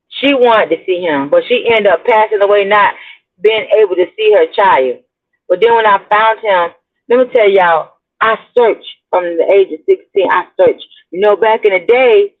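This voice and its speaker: A middle-aged woman hosting her own show, telling a personal story in a rambling, chatty way and talking straight to her listeners. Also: fairly low pitch. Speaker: blogger host. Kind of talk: casual storytelling to viewers. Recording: tinny phone-like audio.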